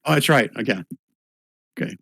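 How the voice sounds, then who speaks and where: A man narrating as game master for an online tabletop game, in a relaxed, low-key way with fillers. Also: fairly quick, vocal fry, breathy edge, dry recording.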